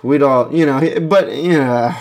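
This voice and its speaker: A man's voice: mid-range voice, normal speed, darkish tone. A young man casually telling a rambling, profane personal story, with lots of restarts and chuckles. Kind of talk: casual anecdote monologue.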